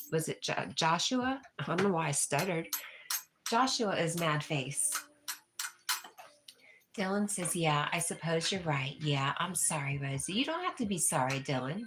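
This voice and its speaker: A woman from New York hosting a casual livestream, reading viewer comments aloud in an easygoing, gently reassuring way and chuckling often. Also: low-pitched, normal speed, noisy background. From New York, USA. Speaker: livestream host.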